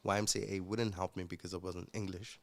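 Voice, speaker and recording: A man from Africa, a podcast guest telling his story in a casual, reflective way, pausing with fillers and restarts. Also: low-pitched, flat delivery. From South Africa.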